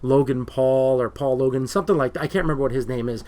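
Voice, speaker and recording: Male co-host, casual movie banter, rambling and excitable, mid-range voice. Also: mid-range voice, quick pace. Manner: rambling, excitable when retelling stories. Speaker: podcast co-host.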